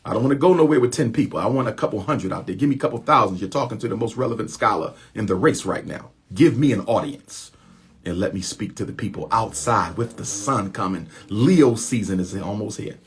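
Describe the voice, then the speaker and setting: Man with a very clear voice, repeating himself emphatically. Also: on the low side, lively intonation, brisk. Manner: repetitive, rhetorical questions, emphatic; colloquial speech. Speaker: speaker addressing his followers. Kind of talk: impassioned monologue.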